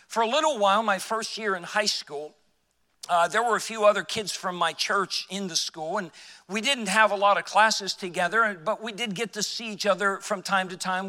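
Man, pastor, sermon. Storytelling delivery, acts out quotes, bright high voice. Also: long reverb tail. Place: church sanctuary.

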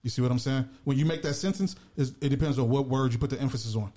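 A man on a podcast argues his case in loose, casual chat. He talks quickly in a mid-range voice. He explains his point through animated examples. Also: mid-range voice. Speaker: podcast co-host.

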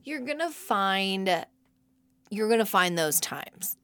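A woman's voice: mid-range voice, sing-song, slow, fairly bright tone, smooth, no echo. A woman co-hosting a podcast, frank and blunt, often chiming in with short agreements. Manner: frank, blunt, lots of supportive backchannels. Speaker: podcast co-host. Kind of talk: casual chat.

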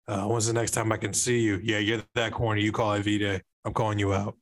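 A man with a low voice hosts a casual podcast, loose and joking, laughing easily. The sound is dry and close, with no room around it. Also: level tone, brisk, dry recording. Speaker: podcast host.

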